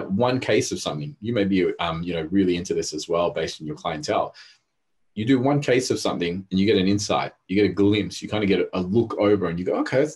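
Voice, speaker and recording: A man with a very low, husky voice who talks quickly and intensely. He tells stories in a casual podcast chat and acts out the people in them. His delivery is driven and animated. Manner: intense, storytelling, acts out quotes. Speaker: therapist and coach.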